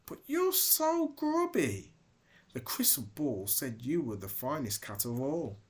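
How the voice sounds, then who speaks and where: A man voicing a vain, jealous male cat who bursts out in shrill indignation, in a storybook reading. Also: lively intonation, moderate pace, close to an everyday voice. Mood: shocked. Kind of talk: storybook read-aloud.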